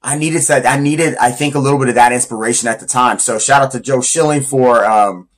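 A man's voice: mid-range voice, fairly quick. A man who fights Muay Thai, talking casually and enthusiastically as he counts down his influences. He rambles a little and uses slang.

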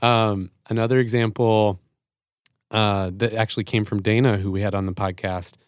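A man's voice: lowish voice, steady tone, normal speed, smooth, no room sound, clean studio sound. A man co-hosting a podcast in casual chat, affirming and upbeat, laughing easily. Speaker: podcast co-host.

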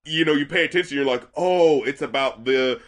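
Young male podcast co-host, casual and animated, swears a lot, rambles with fillers. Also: mid-range voice, fairly quick. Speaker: podcast co-host reviewing albums. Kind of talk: casual chat.

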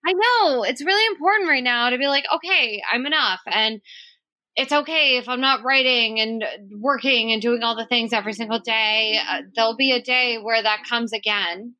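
A woman's voice: a little high, moderate pace. A woman hosting a podcast, chatting casually with lots of fillers. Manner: chatty, many fillers, warm-hearted reading. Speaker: podcast host.

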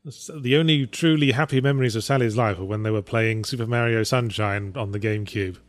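An English man with an English accent, co-hosting a casual podcast and spinning absurd stories deadpan. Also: on the low side, fairly quick, dry recording, studio quality. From England. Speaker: podcast co-host. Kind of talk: casual chat.

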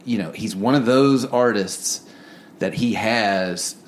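A man's voice: on the low side, takes it slowly, slight background noise. A man co-hosting a music review show, talking earnestly in a rambling way with many fillers. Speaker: podcast co-host. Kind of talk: casual music review chat.

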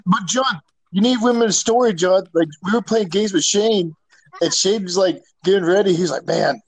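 High-voiced chatty man. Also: normal speed, no room sound, poor audio. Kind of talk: casual chat.

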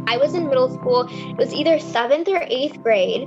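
A woman's voice: high-pitched, moderate pace. A nineteen-year-old woman from California earnestly tells a personal story as a young climate volunteer. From California, USA. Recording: muffled recording with music underneath.

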